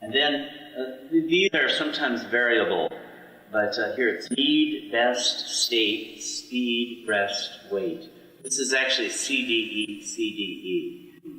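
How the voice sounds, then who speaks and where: A man leading a small study session on poetry, explaining slowly with many fillers and reading verse aloud. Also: animated, pushed and bright. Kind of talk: teaching poetry to a small group. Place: room with a small study group. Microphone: boom mic. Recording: roomy hall, boom mic from a distance.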